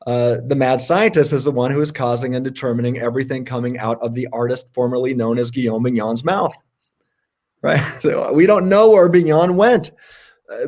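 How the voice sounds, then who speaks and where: A man co-hosting a casual livestream debate, talking in an animated, sarcastic way. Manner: animated and sarcastic, jumps in pitch for emphasis. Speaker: co-host.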